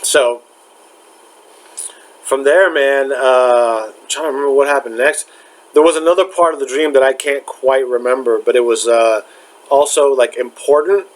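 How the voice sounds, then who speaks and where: A man's voice: medium pitch, normal speed, poor audio. A young man telling a dream in a casual, rambling way, full of fillers, restarts and loose asides. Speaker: spiritual vlogger. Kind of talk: casual storytelling.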